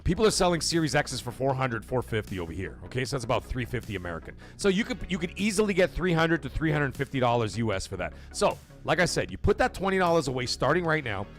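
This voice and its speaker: A male livestream host talks gaming in a loose, animated rant. His pitch swoops widely and he breaks into loud outbursts and swearing. Faint music plays underneath. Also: quick pace, few pauses.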